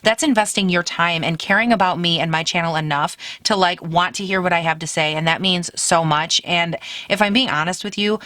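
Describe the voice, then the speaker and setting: Speaking briskly in a lowish, pushed, bright voice on a dry recording, a woman in her late twenties vlogs from her bedroom. She's a chatty, upbeat beauty YouTuber who addresses her audience as "girl."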